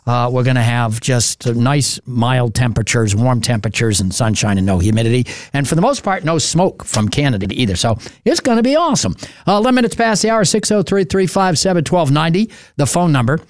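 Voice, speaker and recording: A man's voice: medium pitch, smooth, no room sound, studio quality. Chatty New radio host man. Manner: chatty and rambling, many "uh" fillers. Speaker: local radio talk show host. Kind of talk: casual open-mic radio chat.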